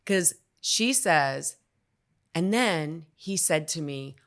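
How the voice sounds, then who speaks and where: A woman's voice: on the low side, lively intonation, a little slow, fairly bright tone. A woman guest on a podcast, telling a story in casual chat and acting out the lines she quotes. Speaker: guest actor.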